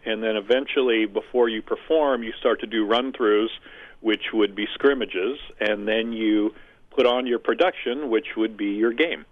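A man's voice: lowish voice, no echo. A middle-aged man who owns and co-founded a community theater, talking earnestly and methodically in an interview, drawing long comparisons. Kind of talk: casual interview talk. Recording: tinny phone-like line.

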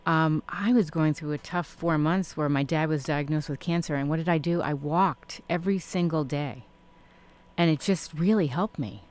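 A woman hosting a talk show, interviewing a guest with encouraging remarks and quick affirmations. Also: low-pitched, darkish tone, dry recording. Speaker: show host.

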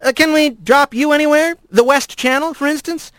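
A man's voice: very high-pitched, wildly swooping pitch, moderate pace, pushed and bright, dry recording, pitched above the performer's own voice, full character voice. A man voicing a cocky young male mouse adventurer who talks in gallant, mock-formal banter. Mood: jaunty.

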